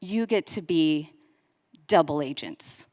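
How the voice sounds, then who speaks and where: A woman giving an inspirational conference talk, telling a story with lively quoted voices and building to an earnest appeal. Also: low voice, slow pace. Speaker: conference speaker. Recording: long hall reverb.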